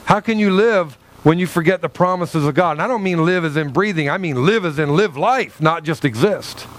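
A male pastor preaching a sermon in an animated way, acting out little dialogues with God. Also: fairly high pitch, normal speed, a little hiss or hum.

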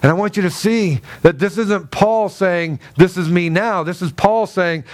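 A pastor preaching a sermon, swinging from hushed asides to loud urgent pleas, repeating phrases and acting out quoted voices. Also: male voice, high voice, unhurried, dry recording.

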